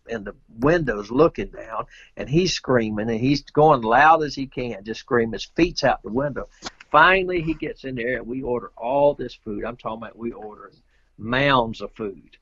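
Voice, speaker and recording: Man, rambling storyteller, husky, muffled dry remote-call sound. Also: medium pitch, expressive, moderate pace, fairly bright tone, no room sound. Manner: rambling, folksy, loose grammar. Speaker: interview guest, pool player. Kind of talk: casual storytelling.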